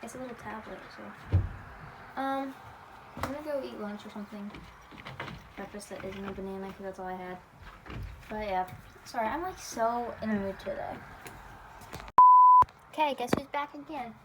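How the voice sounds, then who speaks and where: On a noisy phone recording, a young woman chats about what she's been reading in a casual vlog. Her medium-pitched voice moves at normal speed with long pauses, and she giggles and rambles from one thought to the next.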